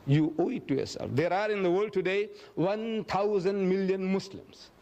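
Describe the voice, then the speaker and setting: A man lecturing in a fairly high voice, answering questions from the floor. He tells his stories emphatically, raising his voice to act out the quotes. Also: normal speed, darkish tone, dull audio. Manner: emphatic, storytelling, acts out quotes with a raised voice. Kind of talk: public lecture Q&A. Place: lecture hall.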